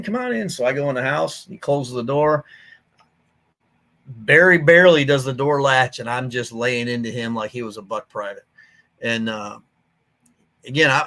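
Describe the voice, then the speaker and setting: A man's voice: mid-range voice, a bit bright. A man speaking as a podcast guest who leads a veterans' group, telling stories bluntly and candidly in plain soldier talk. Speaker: guest, veteran organization leader. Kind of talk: casual podcast conversation.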